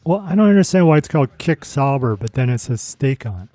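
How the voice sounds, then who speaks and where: American guy cohosting a chat show, rambly, keeps asking questions, warm dark tone. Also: medium pitch, very animated, fast, no echo, soft background music. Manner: rambling, questioning, restarts often. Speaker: podcast co-host. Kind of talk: casual banter.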